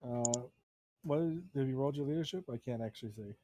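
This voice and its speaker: A man running a tabletop game as game master, narrating in a halting way with many fillers. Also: medium pitch, dark tone, dry recording.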